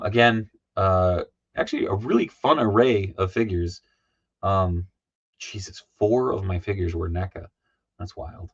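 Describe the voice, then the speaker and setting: A man's voice: on the low side, fairly bright tone, dry recording. Man on a livestream, losing his voice. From Minnesota. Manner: rambling, lots of ums and uhs. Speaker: livestream host. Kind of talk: casual livestream sign-off chat. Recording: dull lo-fi dry sound.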